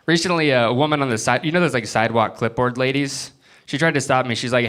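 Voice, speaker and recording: A young man from Florida doing a stand-up comedy set on a club stage, acting out people in quick bits. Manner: animated, jumps into high-pitched bits when acting out people. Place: comedy club stage before a live audience. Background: audience laughter.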